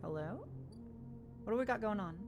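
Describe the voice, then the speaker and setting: A woman's voice: mid-range voice, lively intonation, moderate pace, music in the background. A woman streaming a game live, chatting casually, emotional and giggly.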